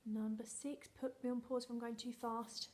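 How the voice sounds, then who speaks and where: A woman's voice: fairly high pitch, little pitch movement, moderate pace, darkish tone. A woman teaching a recorded phonics lesson to young children, in a sing-song, encouraging way, drawing out each letter sound. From England. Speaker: primary school teacher.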